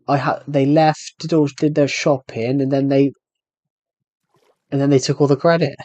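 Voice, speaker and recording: A man's voice: mid-range voice, level tone, moderate pace, pauses often, warm tone, no echo, lo-fi sound. A young man live streaming a game, telling a rambling, aggrieved story that keeps repeating and restarting phrases. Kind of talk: casual live stream chat while gaming.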